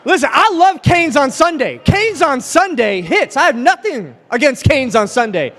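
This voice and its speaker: In a reverberant hall, a man in his thirties delivers a youth sermon in a very high, sing-song voice with a fairly bright tone. He talks at a normal speed. He's the event's speaker, and he keeps things jokey and conversational, telling stories as he goes.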